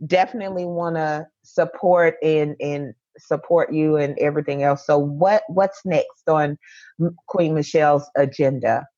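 A woman's voice: deep voice, fairly even intonation, measured pace, mellow, lo-fi sound. A woman hosting a podcast, asking encouraging questions and wrapping up with a signature sign-off. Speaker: podcast host. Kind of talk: casual interview chat.

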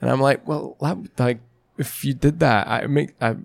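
A man hosting a podcast in casual interview chat, playful and teasing and quick to laugh. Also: mid-range voice, fairly even intonation, gravelly, no echo. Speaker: podcast host.

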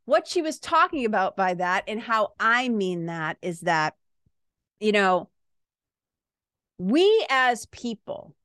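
A woman's voice: medium pitch, sing-song, slow, pauses often, a bit bright, smooth, dry recording, studio quality. A woman from Massachusetts with a Boston accent, hosting a podcast in a candid, rambling casual monologue with some swearing. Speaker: podcast host.

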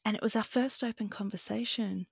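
A woman's voice: medium pitch, fairly even intonation, a little fast, vocal fry, breathy edge, no room sound, clean studio sound. Frank, emotional woman. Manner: emotional, frank, swears casually. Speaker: podcast guest. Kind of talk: candid personal storytelling.

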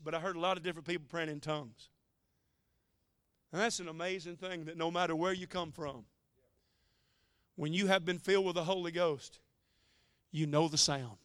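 A man's voice: fairly high pitch, a bit bright, smooth, no room sound, clean studio sound. A man preaching a sermon, telling a story in a folksy, emotional way with joking asides. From United States.

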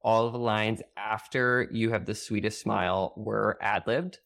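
A woman's voice: a bass voice, fairly even intonation, measured pace, gravelly. A young woman co-hosting a casual rewatch podcast, chatty and full of fillers as she shares trivia. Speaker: podcast co-host.

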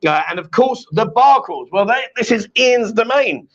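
A man's voice: extremely high pitch, lively intonation, moderate pace, highs cut off. A man hosting a live stream, reading chat and teasing his co-host in casual banter.

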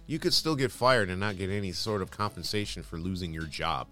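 A man's voice: sits low, animated, a little fast, bright, forceful tone, soft background music. A man hosting casual news commentary, reading headlines aloud and adding sarcastic, dismissive asides.

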